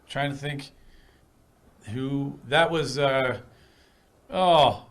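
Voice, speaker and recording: A man's voice: mid-range voice, fairly even intonation, drawn-out words. A man co-hosting a casual sports show, joking and arguing over picks. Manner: joking, argumentative banter.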